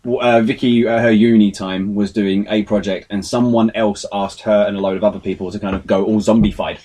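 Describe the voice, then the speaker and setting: A man's voice: on the low side, little pitch movement, fairly quick, mellow. A man in casual podcast chat, teasing and asking questions. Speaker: podcast co-host.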